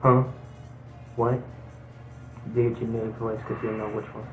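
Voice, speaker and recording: A man's voice: fairly low pitch, level tone, moderate pace, pauses often, roomy sound, phone-quality sound, faint music behind. A man casually reading a game's dialogue aloud and switching between hammy character voices and plain chatter. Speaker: let's play host voicing the game's characters. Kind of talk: casual gameplay commentary with acted dialogue readings.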